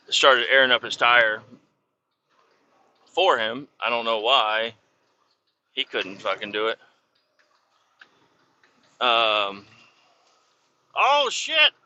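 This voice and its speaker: This truck driver vlogs from his cab in the snow, meandering through a story with nonstop cursing and a casually irritated attitude. His voice is on the low side, pushed and bright, with fairly even intonation, a measured pace, and frequent pauses. The recording sounds muffled.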